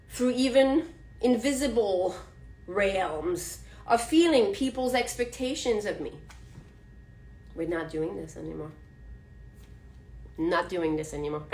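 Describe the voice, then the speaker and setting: A French-accented woman talks slowly through a casual live astrology session, her voice sitting a little high. She laughs often and speaks straight to her viewers about spiritual things. The sound carries an echoey room around her. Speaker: astrology channel host.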